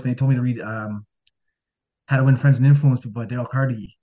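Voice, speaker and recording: This man talks fast in a mid-range, dark-toned voice with fairly even intonation. As a podcast guest, he tells his life story in a rambling, casual way, heavy on fillers and performing quoted dialogue. Lo-fi, dull audio.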